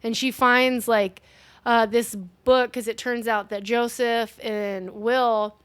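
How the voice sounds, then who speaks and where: A woman co-hosting a casual movie review, retelling scenes in animated detail and swearing freely. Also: fairly high pitch, slow, clear, resonant tone, dry recording. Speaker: podcast co-host.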